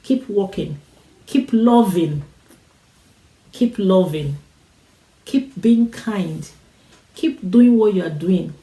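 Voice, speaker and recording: A woman's voice: medium pitch, animated, takes it slowly, long pauses, dark tone, echoey room, poor audio. A woman giving a motivational talk, urging listeners on with repeated, preacher-like phrases. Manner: repetitive, urging, preacher-like cadence. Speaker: motivational speaker.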